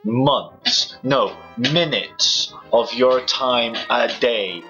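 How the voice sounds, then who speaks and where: Teasing Scottish young man, bright tone. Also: medium pitch, very slow. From Scotland. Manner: teasing, mock-pompous. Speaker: co-host of a gaming video. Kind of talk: casual banter while playing a game. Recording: dull lo-fi sound with game music.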